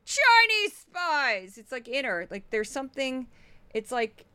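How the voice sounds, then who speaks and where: A woman podcast host talks through clips in a casual, animated way, laughing and now and then yelling. Her voice is quite bright and a little high, and it sounds dry and close. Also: moderate pace, clear, resonant tone, no echo. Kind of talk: casual commentary.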